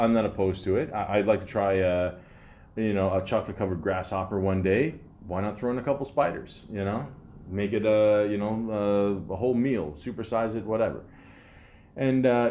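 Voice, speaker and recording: A man's voice: fairly low pitch, darkish tone. A man hosting a podcast in a casual rambling monologue, swearing freely, using lots of fillers, and reading facts aloud before riffing on them. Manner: rambling, profane, filler-heavy. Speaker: podcast host.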